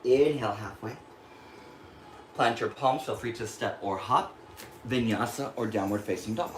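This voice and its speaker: A man's voice: medium pitch, normal speed, a little hiss or hum. Breathless male yoga teacher in an echoey studio. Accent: American. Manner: calm cueing of breath and poses, breathy while moving through the flow. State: short of breath. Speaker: yoga instructor. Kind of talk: guided yoga class cues.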